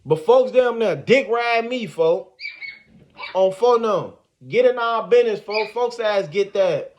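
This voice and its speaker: A man telling a story in a casual, animated, slang-heavy way, repeating the same filler words. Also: high voice, measured pace, highs cut off.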